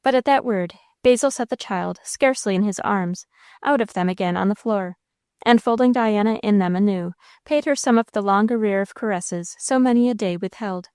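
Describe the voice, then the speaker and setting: A woman narrator giving a measured, expressive reading of a classic novel into a close mic. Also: medium pitch, smooth, dry recording. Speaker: audiobook narrator.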